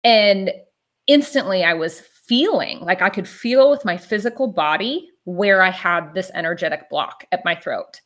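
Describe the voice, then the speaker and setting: Woman telling her own story, kinda low voice, says like a lot, laid back and thoughtful. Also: lively intonation, unhurried, a bit bright. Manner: casual and reflective, many filler "like"s. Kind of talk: personal storytelling.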